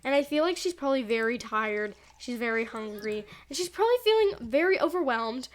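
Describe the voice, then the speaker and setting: A young woman chatting through a life-sim let's play, animated and gushing, full of "like" and "oh my gosh". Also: on the high side, brisk. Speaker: gaming YouTuber. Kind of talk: excited let's play commentary.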